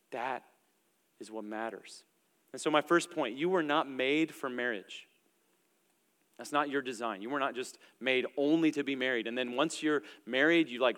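A young adult man preaching a sermon in a relaxed, conversational way, with plenty of filler words. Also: mid-range voice. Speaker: pastor. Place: church auditorium stage. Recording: long reverb from a large hall.

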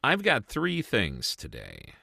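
A middle-aged man co-hosting a casual review podcast, telling stories in an animated, chatty way. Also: mid-range voice, slow pace, gravelly, breathy edge, no echo, studio quality. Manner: animated, tells stories with lively asides. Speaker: podcast co-host. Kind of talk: casual chat.

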